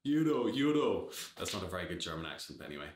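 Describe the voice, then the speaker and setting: A man's voice: very deep voice, steady tone, very fast, sharp tone, a little hiss or hum. Blunt, sarcastic man in an echoey room. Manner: blunt, sarcastic, swears freely. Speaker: startup advisor. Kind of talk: casual scripted talk to camera.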